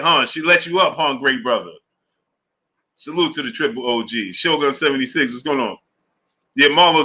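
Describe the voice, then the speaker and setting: Animated, bright-voiced man hosting a live stream. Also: a little high. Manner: animated, talks to chat viewers by name. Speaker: sports live-stream host. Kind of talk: casual live-stream commentary.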